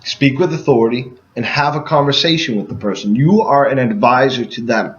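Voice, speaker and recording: A man's voice: mid-range voice, fairly quick, lo-fi sound. Emphatic man coaching door-to-door sellers. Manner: emphatic, repeats "okay?" after points. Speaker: door-to-door sales trainer. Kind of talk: casual training talk.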